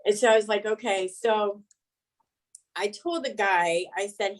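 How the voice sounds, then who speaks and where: A middle-aged woman, an interview guest, telling her story candidly, frank and animated, laughing between words. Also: mid-range voice, moderate pace, poor audio.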